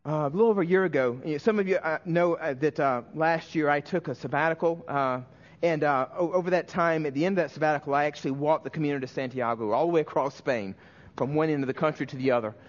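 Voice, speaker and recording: Male pastor, earnest emotional sermon delivery, raised pitch, dull lo-fi recording. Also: fast. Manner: earnest, emotional storytelling with many restarts and quiet dips.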